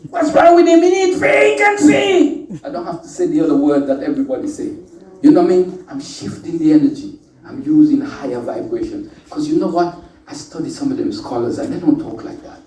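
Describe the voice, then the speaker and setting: At a spiritual workshop, a man with a rather high yet very dark, mellow voice delivers a brisk, playful informal lecture, often calling on the audience for answers. He sounds set back from the microphone in an indoor meeting room with a roomy echo.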